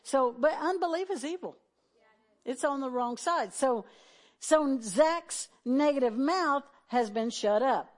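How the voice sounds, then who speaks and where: A woman with a slightly high voice delivers a sermon. She talks to the congregation casually and reads scripture aloud, slowing down to lean on important words. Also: lively intonation. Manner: slows and stretches key phrases for emphasis. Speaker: preacher.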